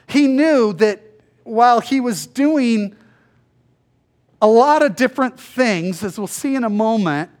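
A male pastor giving a conversational sermon, acting out the people in the story in quick voices. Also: extremely high pitch, lively intonation. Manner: conversational, acts out biblical dialogue in voices.

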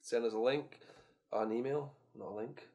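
A man co-hosting a relaxed podcast, talking in a loose, swear-heavy way. His voice sits in a middle register. Now and then he bursts out loud and animated. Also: medium pitch, moderate pace, muffled recording, noisy background. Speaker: podcast co-host. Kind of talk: casual chat.

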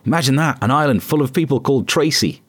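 A man hosting a podcast, reading scripted comic news with sarcastic, deadpan asides. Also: medium pitch, quick pace, slightly rough, no room sound. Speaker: podcast host.

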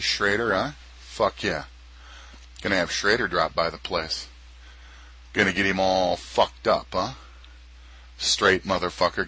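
Male host of an adult audio show. Deep, forceful and taunting, with a crude, sneering delivery. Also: husky. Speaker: podcast host. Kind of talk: explicit adult audio monologue.

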